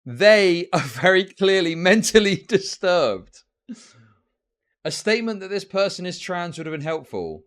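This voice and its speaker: A man doing a live-stream reaction, loud and mocking, swearing often and mimicking people. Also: high voice, big pitch swings, measured pace.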